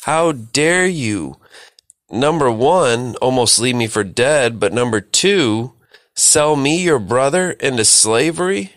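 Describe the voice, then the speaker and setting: A man's voice: medium pitch, expressive, slow pace, a bit bright, no echo, studio quality. A man acting out an angry man confronting his brothers over what they did to him. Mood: indignant. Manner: indignant rising questions.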